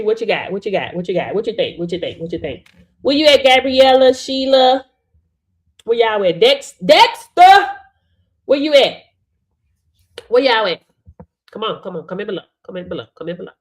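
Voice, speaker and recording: A woman business coach giving a live-streamed coaching talk, emphatic, punctuating points with "right?" and "Hello?" and calling on viewers. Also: on the high side.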